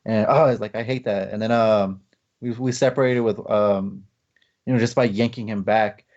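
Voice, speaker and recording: A man's voice: fairly low pitch, fairly even intonation, normal speed, a little mellow. Male podcast host, casual storyteller, filler-heavy, slightly muffled recording. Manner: rambling, many fillers, acts out quotes. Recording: slightly dull lo-fi podcast audio.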